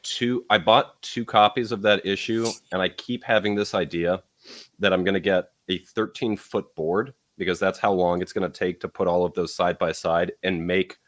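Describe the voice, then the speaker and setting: A man's voice: low-pitched, fairly even intonation, normal speed, no room sound. A man co-hosting a podcast, talking in a rambling way with many fillers. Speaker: co-host. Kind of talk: casual podcast chat.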